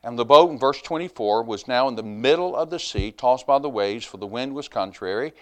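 A middle-aged preacher from Alabama speaks. He tells the story in a homey, folksy way. His voice climbs loud for emphasis, then sinks to a near hush. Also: medium pitch, a little fast. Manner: animated, folksy, swings between loud and hushed. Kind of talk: sermon.

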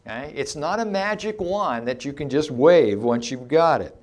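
A man's voice: fairly high pitch, animated, normal speed. A middle-aged man preaching an expository sermon, teaching emphatically and asking rhetorical questions of his listeners.

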